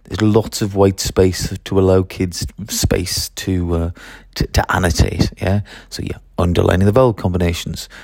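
A man's voice: low-pitched, little pitch movement, normal speed, gravelly, few pauses, darkish tone, no echo, studio quality. A man who teaches French, talking through his methods in a chatty solo podcast, with fillers and restarts.

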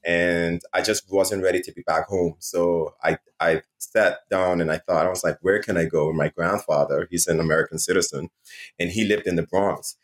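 Deep-voiced Caribbean man chatting. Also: moderate pace. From Saint Martin. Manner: relaxed, many fillers and restarts. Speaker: podcast guest. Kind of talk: casual interview chat.

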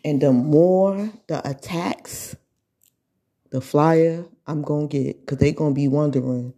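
A woman addresses her viewers in a loose, animated monologue. Her voice sits low and husky with a mellow, dark tone. She laughs often and slips into mocking imitations of what other people will say. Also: slow. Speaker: social media influencer.

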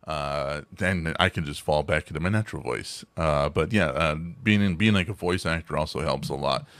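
Brief: deep-voiced male voice actor, casual rambling podcast guest, dry booming low voice. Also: normal speed, a bit bright, no echo. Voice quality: very deep, resonant voice. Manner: rambling, with restarts and laughs. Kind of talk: casual chat.

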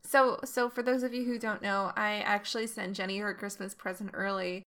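A young woman co-hosting a casual podcast, bubbly and quick to tease her friend. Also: medium pitch, steady tone, fairly bright tone. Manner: bubbly, teasing. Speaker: podcast co-host. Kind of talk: casual chat.

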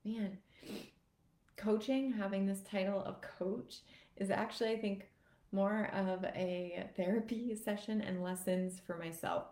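A woman's voice: fairly low pitch, a little mellow. A woman fitness coach giving an earnest, emotional motivational talk on a live video. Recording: echoey room.

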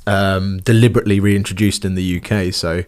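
A man's voice: sits low, steady tone, a little fast, darkish tone, clean tone. A man co-hosting a podcast in casual chat, chatty and teasing. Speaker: podcast co-host.

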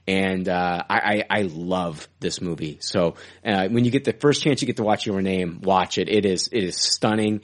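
A man's voice: deep voice, normal speed, hardly any pauses. A man co-hosting a casual podcast, gushing about films and often repeating and restarting his words. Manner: enthusiastic, stumbling, repeats words. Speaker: podcast co-host. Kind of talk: casual chat.

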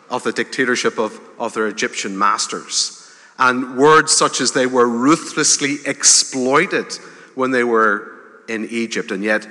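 A man preaching a sermon in a conversational way, with gentle humor and rising emphasis. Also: mid-range voice. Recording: hall reverb.

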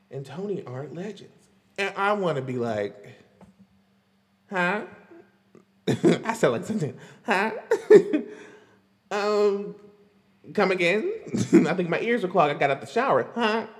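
A man hosting a podcast, chatting in a loose, animated way about pop music, with lots of fillers and frequent laughs. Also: high-pitched, big-room sound. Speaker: podcast host. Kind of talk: casual pop-culture commentary.

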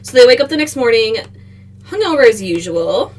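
Woman podcast host, casual film recap, swears a lot, laughs often, slightly high voice. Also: sing-song, moderate pace.

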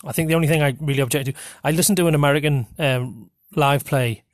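A man's voice: on the high side, fast, no room sound. Rambling North East English man, dry sound. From North East England. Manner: rambling, many ums and restarts. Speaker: podcast host. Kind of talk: casual monologue with a dialect reading.

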